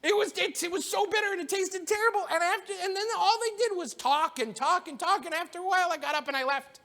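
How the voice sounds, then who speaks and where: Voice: high voice, sing-song, measured pace, sharp tone, pitched above the performer's own voice, full character voice. A service leader voicing a poor, hungry traveler man who complains with exaggerated indignation. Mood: aggrieved.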